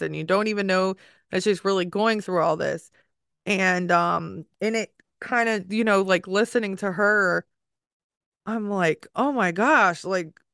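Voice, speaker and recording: Woman podcast host near tears, rambly and emotional, clean smooth voice, dry sound. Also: mid-range voice, fairly bright tone, dry recording. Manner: emotional, rambling with many fillers. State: tearful. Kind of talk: casual conversation.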